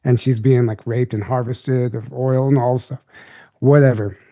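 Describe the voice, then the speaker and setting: A young man talks as a podcast guest, telling his story in a loose, casual ramble. His voice sits at an ordinary middle pitch with a soft, mellow, warm tone. The delivery is relaxed and unscripted. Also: moderate pace.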